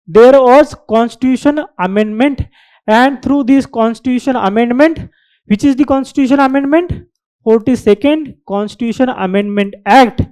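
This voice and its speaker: A teacher coaching students for exams gives a current affairs lecture, repeating key terms and checking in with "right?" as she explains. Her voice is fairly high yet dark in tone.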